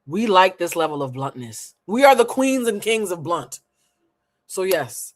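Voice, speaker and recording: A woman giving a live-stream tarot reading, animated, blunt and playful, talking to viewers in casual slang and laughing often. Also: mid-range voice, unhurried. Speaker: tarot reader.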